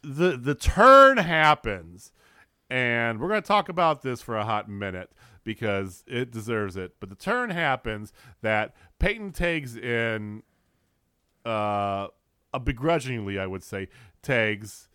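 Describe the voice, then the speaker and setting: A man co-hosting a casual wrestling podcast, animated and joking, with frequent swearing. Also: fairly low pitch, measured pace, clear, resonant tone, no room sound, studio quality. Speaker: podcast co-host.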